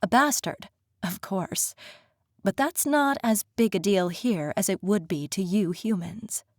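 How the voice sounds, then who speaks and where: A woman voicing a composed, formal fae queen in an audiobook, speaking in a measured, courtly manner. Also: medium pitch, dry recording, studio quality, close to an everyday voice. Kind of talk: audiobook character voice.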